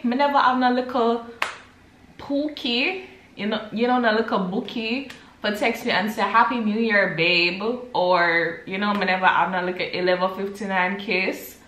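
A woman's voice: on the high side, fairly bright tone, a little hiss or hum. A young Jamaican woman chatting casually to her vlog audience at home, switching between patois and English. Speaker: vlogger. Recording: roomy echo.

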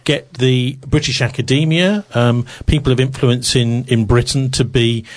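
A man hosting an interview, asking questions with many fillers and pauses. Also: mid-range voice, fairly even intonation. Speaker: interview host.

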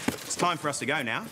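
A man presenting a children's show, reading a rhyming story and singing with playful robot beeps. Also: fairly high pitch. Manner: playful, sing-song, beeping robot noises. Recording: loud music bed behind voice.

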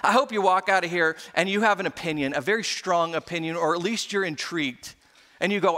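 Man, pastor, sermon, high voice, long hall reverb. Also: fairly quick. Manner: animated, acts out quoted voices. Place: church sanctuary.

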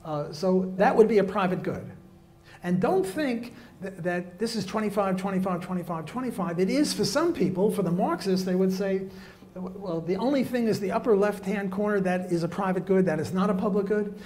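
A man's voice: sits high, animated, brisk, a little mellow. A man giving a live economics lecture, blunt and jokey, with many fillers and restarts.

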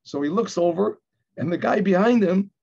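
A man who is a rabbi, teaching a Torah class and telling a personal story, acting out shouted quotes along the way. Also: high-pitched, moderate pace, creaky, slightly rough. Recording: dull lo-fi recording.

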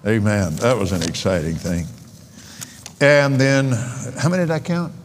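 An older man preaching a sermon, telling stories in a slow, rambling way and counting out figures. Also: on the low side, very animated, slight background noise. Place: large convention hall. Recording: long reverb of a large hall.

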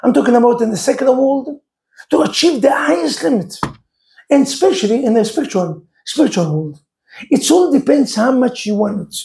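A man's voice: very high voice, a little fast, gravelly. A man, a rabbi from Israel with an Israeli accent and Hebrew as his first language, preaching in broken English and acting out the people in his story. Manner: animated, acts out dialogue, broken English. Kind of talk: sermon with storytelling.

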